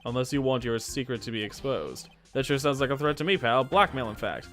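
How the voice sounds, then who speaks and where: A man voicing a gruff, blustering male police detective with a vague put-on accent. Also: mid-range voice, animated, fairly quick, fairly bright tone, faint music behind, close to an everyday voice. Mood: accusing. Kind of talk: game dialogue read-along.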